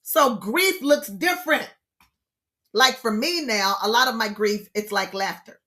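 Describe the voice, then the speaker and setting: Bright, exclaiming woman counselor. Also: a little high, unhurried. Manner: expressive, preacher-like, exclaims and repeats key phrases. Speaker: grief counselor leading an online session. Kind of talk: lively teaching talk to an online group.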